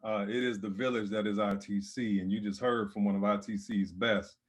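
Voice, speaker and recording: Male seminary head, lowish voice, measured, academic phrasing. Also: fairly even intonation. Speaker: seminary president. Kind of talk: reflective panel response.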